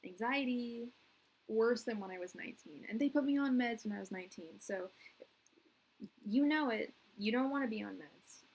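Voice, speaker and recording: A woman's voice: fairly high pitch, moderate pace, breathy edge, low-quality recording. A woman in her thirties giving a live tarot reading, rambling and earnest, full of restarts and "like", at times teary. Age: 30s. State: tearing up. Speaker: tarot reader.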